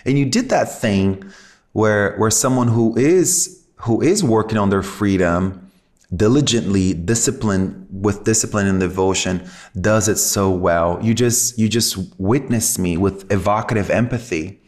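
Low-voiced guy, earnest and reflective, kinda teary, heartfelt chat. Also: measured pace, a little mellow. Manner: reflective, earnest, spiritual wording. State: emotional, near tears. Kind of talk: heartfelt conversation.

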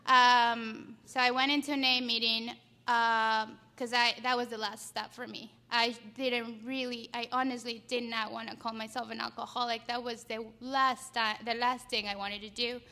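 A young woman sharing her recovery story at a meeting, halting and emotional, close to tears. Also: fairly high pitch, flat delivery, sharp tone. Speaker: short speaker at a recovery meeting. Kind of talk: personal recovery share.

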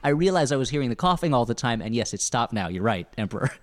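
A man's voice: mid-range voice, very animated, quick pace, dry recording. A man co-hosting a podcast, talking thoughtfully about a TV series and often restarting sentences as he searches for words. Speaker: podcast co-host. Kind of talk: casual chat about a TV series.

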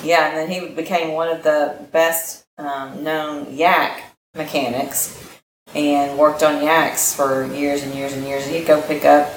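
A woman pilot telling a flying story in a casual interview, animated and laughing often, with many fillers. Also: low-pitched, slow pace, a little hiss or hum. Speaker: guest pilot. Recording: echoey room with faint ambience.

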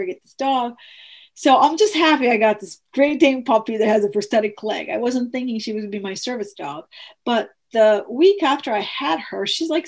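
A woman whose voice sits a little high tells her own story with earnest animation. She keeps restarting as she acts out what was said.

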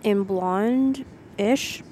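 A woman's voice: medium pitch, drawn-out words, mellow, a little hiss or hum. A woman from Kansas co-hosting a podcast in casual chat, dry and understated. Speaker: podcast co-host.

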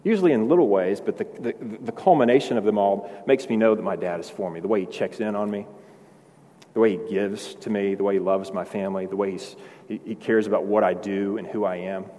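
A man's voice: fairly low pitch, brisk, dark tone. A man in his forties, a pastor, preaching a sermon in a conversational way that builds to emphatic peaks. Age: 40s. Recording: long hall reverb.

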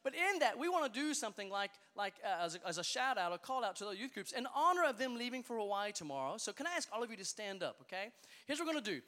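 Man, youth pastor, crowd hype-man energy; fast, sharp, bright voice with hall reverb. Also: high-pitched, big pitch swings. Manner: upbeat, playful, joking with the audience. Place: large hall with a live youth audience.

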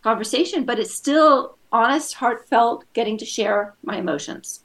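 A woman's voice: a little high, moderate pace, a bit bright. A woman coaching a parent on running family meetings, patiently explaining steps and acting out short scenes. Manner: patient, acts out kids' voices in quotes. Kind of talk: advice session.

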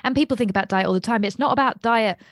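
A woman's voice: a little high, rapid-fire, no room sound, studio quality. A woman with a British accent, an astrologer hosting a casual livestream, rambling and thinking aloud as she talks. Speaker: astrologer host.

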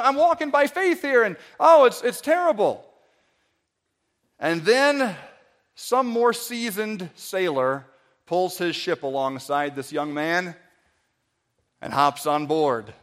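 A male preacher delivers a sermon through an extended parable. His voice sits high for a man, and he often stammers and repeats words as he tells the story. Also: a bit bright.

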